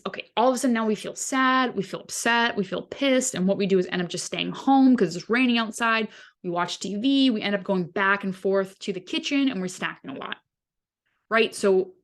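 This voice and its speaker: A woman's voice: mid-range voice, fairly bright tone. A woman hosting a wellness podcast as a dietitian, explaining ideas in a casual, conversational way with everyday examples. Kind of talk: casual teaching monologue.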